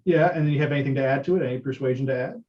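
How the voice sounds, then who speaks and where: A game master narrating a tabletop game in a halting way, full of fillers. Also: mid-range voice, a little mellow. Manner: halting, many fillers, laughs often. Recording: muffled lo-fi recording.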